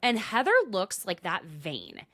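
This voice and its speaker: A woman's voice: fairly low pitch, very animated, a little slow, a bit bright, dry recording. A young adult woman hosting a podcast, recapping in a casual, dramatic way and dropping into whispered asides. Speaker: podcast host.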